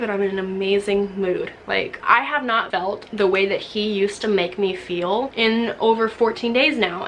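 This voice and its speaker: A young woman vlogger telling a personal story, emotional and rambling, acting out what she said in a higher voice. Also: a bit bright, a little hiss or hum, rough recording. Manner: emotional, rambling, acts out quoted dialogue with higher voice.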